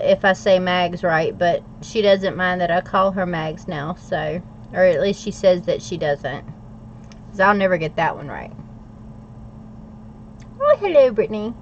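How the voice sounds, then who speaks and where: A woman's voice: mid-range voice, slight background noise. Chatty woman hosting a livestream. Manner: chatty and playful, reads viewer comments aloud, laughs often. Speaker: livestream host. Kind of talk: casual livestream chat while journaling. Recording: slightly dull lo-fi audio.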